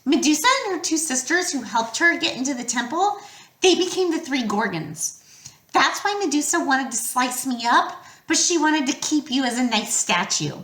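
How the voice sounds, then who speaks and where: A woman voicing a sharp, know-it-all teenage girl who lectures with lively exasperation, in a storybook reading. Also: high voice, normal speed, voice pushed up. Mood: exasperated. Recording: roomy echo.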